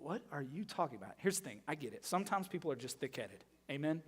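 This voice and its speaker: A male pastor giving a sermon, emphatic and full of rhetorical questions, moving between loud and hushed delivery. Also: a little high, sing-song, quick pace, husky. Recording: long reverb of a large hall.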